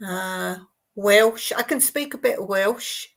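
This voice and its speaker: A woman with a southern English accent talks at a slow, unhurried pace, hosting a casual live stream. Her voice sits at an ordinary middle pitch. She chats easily to her viewers, repeating words and breaking into laughs. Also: vocal fry, fairly bright tone. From Surrey, England. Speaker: livestream host.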